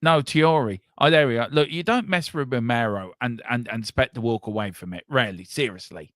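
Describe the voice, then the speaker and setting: A man co-hosting a football watchalong, calling the play excitedly, joking and swearing at big moments. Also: medium pitch, fairly quick, no room sound, clean studio sound. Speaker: watchalong co-host. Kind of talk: excitable live match commentary.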